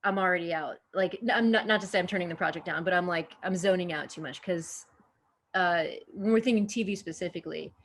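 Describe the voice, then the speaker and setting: An actress answering interview questions in a casual, chatty way, with frequent fillers and restarts. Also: female voice, lowish voice, fast talker, fairly bright tone, a little hiss or hum. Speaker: actor, podcast guest.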